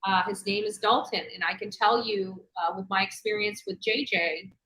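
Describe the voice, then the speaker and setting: A woman hosting a true-crime video, rambling with halting fillers and restarts. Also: mid-range voice, sharp tone, echoey room, faint music behind, low-quality recording. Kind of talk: rambling livestream commentary.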